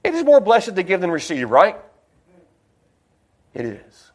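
A man preaching a sermon in a folksy, digressive way, slowing down to stress his points and slipping in personal stories. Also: high-pitched, wildly swooping pitch.

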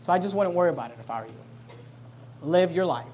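A man with a notably high voice preaches a sermon from the pulpit as pastor. He presses hard with repeated rhetorical questions, dropping low and soft, then climbing loud and forceful. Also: lively intonation, fast talker, a little hiss or hum.

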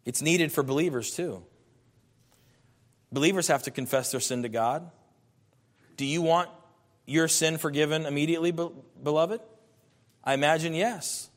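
A man's voice: a little high, moderate pace, pauses often, long reverb tail. A man preaching a sermon as a pastor, earnest and emphatic, his voice rising in bursts.

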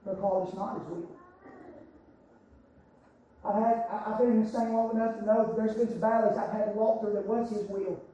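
Preacher guy, real high voice, shouts then goes quiet, dull far-off church recording. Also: flat delivery, normal speed, pauses often, heavy reverb, slight background noise. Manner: impassioned preaching, swinging from shouted cries to hushed low talk. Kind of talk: sermon. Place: church sanctuary.

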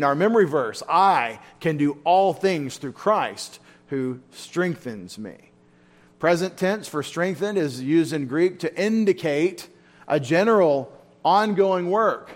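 Male Bible teacher, casual church-study delivery, slightly raised pitch, throws questions to the room. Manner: informal, asks the room questions.

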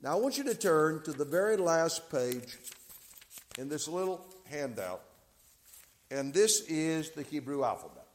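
A man's voice: a little high, sing-song, measured pace. A man teaching a Bible class, explaining step by step, repeating key points and checking that listeners follow. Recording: long reverb of a hall.

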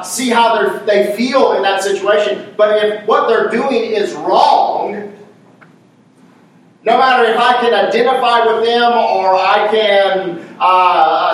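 High-voiced preacher in an echoey church. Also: male voice, a bit bright. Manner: repetitive, emphatic preaching with rhetorical questions. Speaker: pastor. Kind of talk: sermon. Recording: echoey church room, mic far off.

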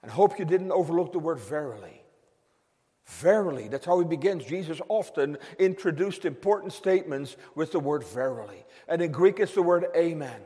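A man preaching a sermon to his congregation, slow and emphatic, drawing out phrases and dropping suddenly quiet. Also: fairly high pitch, expressive. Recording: long hall reverb.

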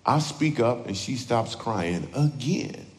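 A man telling a story about his newborn daughter in a devotional video, relaxed with light humor. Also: mid-range voice, takes it slowly. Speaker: video speaker. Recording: video with music underneath and reverb.

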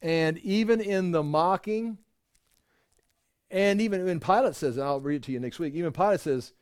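A man's voice: high-pitched, normal speed, clear, resonant tone, dry recording. Man teaching scripture, dry and close. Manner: rambling, many restarts and rhetorical asides. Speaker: Bible teacher. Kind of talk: conversational Bible teaching.

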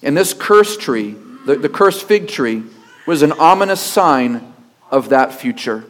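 A male pastor preaching a sermon with emphatic delivery, rhetorical questions and steady repetition. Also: a little high, unhurried.

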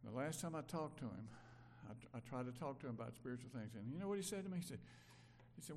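An older man from Mississippi, preaching a conversational sermon that moves from loud emphasis to quiet asides. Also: medium pitch, fast talker, slight background noise. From Mississippi, USA. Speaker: pastor.

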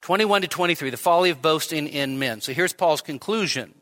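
A man preaching an expository sermon at a midweek church service, lively and conversational, with frequent rhetorical questions. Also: fairly high pitch, a little fast. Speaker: pastor.

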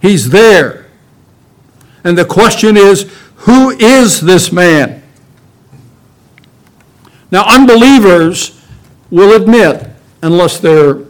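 Guy preaching a sermon, slowish and emphatic, kinda higher voice, lots of questions to the room. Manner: emphatic, rhetorical questions, slow deliberate delivery. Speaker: pastor.

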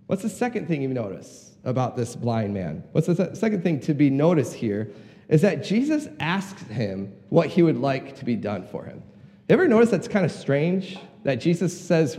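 A middle-aged male preacher delivers a sermon in a fairly high but mellow voice. He is earnest and repeats words as he searches for them, then climbs in pitch to drive a point home. The sound trails off into the long reverb of a large hall. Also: sing-song, brisk.

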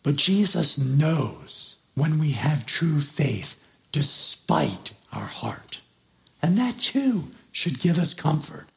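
Slow, gravelly-voiced preacher man. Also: a little high, sing-song, a bit bright. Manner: earnest teaching, stresses key words; explains and expounds on a scripture passage. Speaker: pastor. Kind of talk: sermon.

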